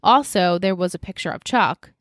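On a podcast, a woman with a voice on the low side recaps a TV episode at a moderate pace, chatting animatedly and acting out lines. The studio recording is clean with no echo.

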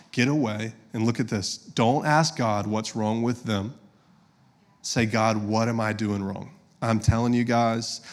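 A man, preaching a sermon as a pastor in a conversational, storytelling way and addressing the congregation directly. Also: mid-range voice.

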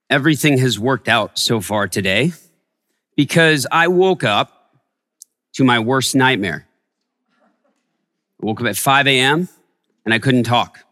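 A man preaching a sermon as a pastor, telling a personal story and growing hushed in its tender parts. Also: medium pitch, in a large hall. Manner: storytelling, softening to a hush in tender moments. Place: church sanctuary.

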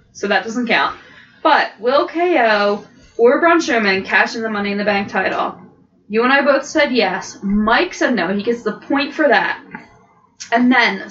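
A woman co-hosting a podcast, chatting excitedly about wrestling, laughing often, with dull lo-fi sound. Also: a little high, slight background noise. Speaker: podcast co-host. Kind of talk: casual wrestling chat.

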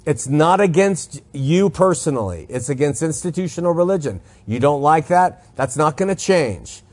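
A man hosting a religious call-in program. His voice sits a little higher than usual, and he talks earnestly, pressing each point with emphasis. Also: expressive, moderate pace, a little mellow. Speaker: radio call-in show host. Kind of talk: call-in radio talk, religious commentary.

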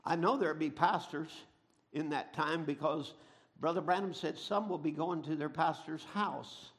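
A middle-aged man preaching a sermon, telling stories dramatically and swinging from a hush to a shout. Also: fairly high pitch, a little slow, long pauses. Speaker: pastor.

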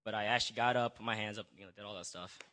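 Nervous young man with a bright voice. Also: lowish voice, steady tone, rapid-fire. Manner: nervous and hesitant, full of restarts and apologies. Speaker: church member giving a testimony. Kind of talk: personal testimony. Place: church gathering. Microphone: handheld microphone.

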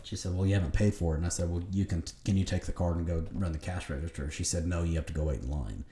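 A man with a low, dark voice talks fast and swears freely as he tells a story. He is a casual podcast host in his thirties. The room around him is echoey. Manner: animated, profane storyteller.

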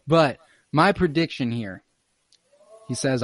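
A young man recapping an episode in casual chat, animated and laughing often, with plenty of swearing. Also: mid-range voice, moderate pace, no room sound. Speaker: podcast host recapping an episode.

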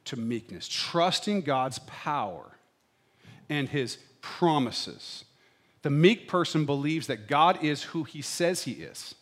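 A middle-aged man delivering a sermon, talking in a loose, conversational way and often checking in with his listeners. His voice sits a little high for a man and swings through a wide, animated range. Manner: conversational preaching with playful asides, checking in with "right?". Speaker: pastor.

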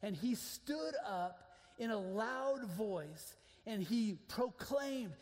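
A man preaching an earnest sermon to other men, moving between hushed, intimate passages and emphatic declarations. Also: high-pitched, expressive, takes it slowly, hardly any pauses, long reverb tail.

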